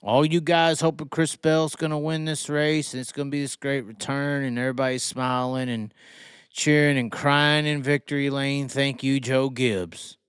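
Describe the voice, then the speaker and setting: A man's voice: medium pitch, steady tone, moderate pace, fairly bright tone, clean tone, no echo, studio quality. A man hosting a racing show, ranting heatedly and swearing as he mocks fans and reads the chat. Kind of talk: profane opinion rant on livestream.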